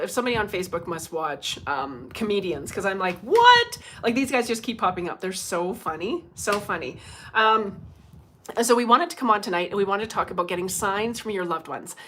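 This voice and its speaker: A woman's voice: medium pitch, pushed and bright, slight background noise. A middle-aged woman, a psychic medium, chatting casually on a livestream, laughing often and swearing bluntly.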